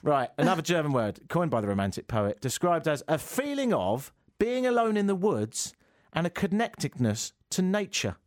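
A man's voice: on the high side, wildly swooping pitch, normal speed, hardly any pauses, no echo, clean studio sound. A young man in his twenties, co-hosting a casual radio chat, playful and jokey, stumbling over foreign words. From England. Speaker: radio co-host.

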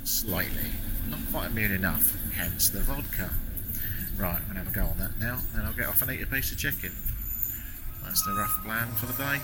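A man's voice: normal speed, over loud music. A man from England hosting a travel podcast, talking casually and cheerfully swearing as he rambles. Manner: chatty and swearing, with big swings in pitch.

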